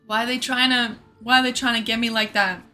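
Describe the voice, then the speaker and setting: Woman streamer chatting to her stream, bright sharp voice, kinda high, laughs a lot, swears, faint music under it. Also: fairly quick. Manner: animated, swears freely, laughs often, acts out quotes. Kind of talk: casual storytelling to chat. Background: faint background music.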